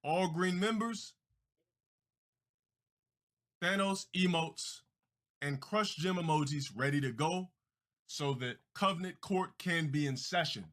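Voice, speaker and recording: A man's voice: fairly high pitch, a little slow, a bit bright. A man livestreaming, making grandiose and self-important proclamations in a theatrical way.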